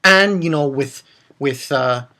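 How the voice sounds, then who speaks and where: A man reviews an anime episode slowly, rambling excitedly, tripping over names and leaping into high squeals.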